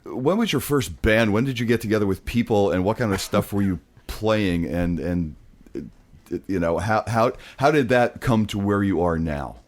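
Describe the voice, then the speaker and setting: A man's voice: lowish voice, lively intonation. A man hosting a podcast, chatting casually and stumbling over his words. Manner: chatty, halting, lots of fillers. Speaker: podcast host.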